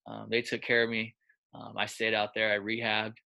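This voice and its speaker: A man's voice: fairly low pitch, completely flat delivery, moderate pace, vocal fry, sharp tone. A man who coaches quarterbacks, telling stories in a casual interview in a loose, chatty way, full of filler words. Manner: loose and chatty, heavy with filler words, acts out quoted lines.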